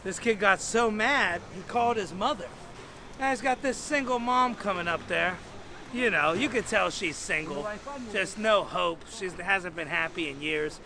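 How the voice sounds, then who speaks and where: A man telling a crude, rambling stand-up story in an animated way. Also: high voice, measured pace, noisy background. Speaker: stand-up comedian.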